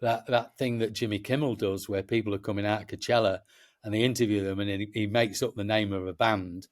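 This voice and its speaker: A man's voice: lowish voice, steady tone, brisk. A middle-aged man, a festival promoter chatting as a guest and telling stories passionately, with many restarts. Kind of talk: casual chat.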